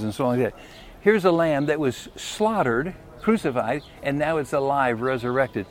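A man's voice: medium pitch, lively intonation, normal speed. A man preaching a sermon in a folksy, emphatic way, often putting questions to the congregation.

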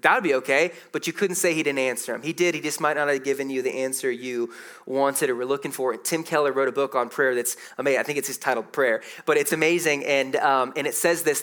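A man in his thirties preaching a sermon as pastor, conversational and animated, telling stories with quick asides. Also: mid-range voice.

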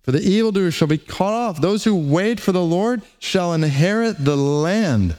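A man preaching a sermon, earnest and emphatic, slowing down on key words and reading scripture aloud between his points. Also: sits high, animated, darkish tone. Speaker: pastor.

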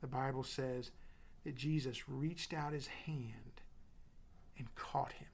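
A middle-aged man preaching a sermon as pastor, dropping to soft whispers and building with emphatic repetition. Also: mid-range voice, takes it slowly, gravelly, husky.

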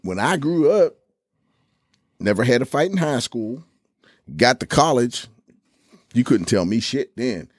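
Laid-back man in his sixties, lively pitch. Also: unhurried, long pauses, dry recording, studio quality. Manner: laid-back, swears casually, affirming. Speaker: podcast co-host. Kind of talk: casual chat.

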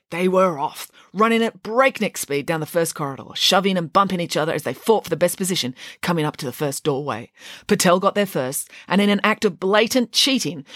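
A woman narrating a children's storybook in an expressive, lively way. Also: lowish voice, dry recording, studio quality. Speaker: audiobook narrator.

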